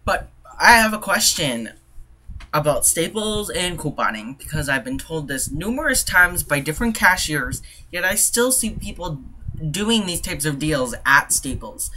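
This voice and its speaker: Exasperated man with a bright voice. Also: a little high, sing-song, slight background noise. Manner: exasperated, rambling, quick to laugh. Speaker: couponing vlogger. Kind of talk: casual vlog rant.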